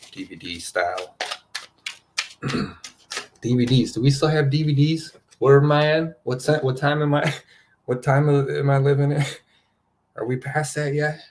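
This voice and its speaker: Rambling excitable man, low voice. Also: slight background noise. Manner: loose and excitable, full of "you know" and "right?". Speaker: host of a spiritual card-reading show. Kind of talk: rambling casual chat.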